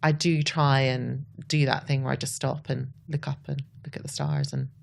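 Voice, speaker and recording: A woman's voice: extremely low pitch, steady tone, normal speed, vocal fry. A Scottish woman, a podcast guest, talking earnestly and reflectively, often saying "like". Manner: earnest, says "like" a lot.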